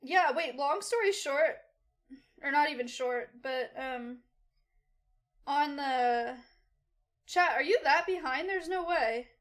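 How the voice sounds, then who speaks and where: A young adult woman tells her chat a personal story on a livestream, speaking in a high, fairly bright voice at a slow pace with frequent pauses. She rambles loosely and casually, swearing and saying "like" constantly.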